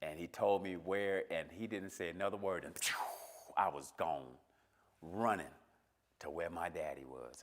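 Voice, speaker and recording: Telling his own story in church, a middle-aged speaker gives a moving testimony that swings from near-whispers to emphatic peaks.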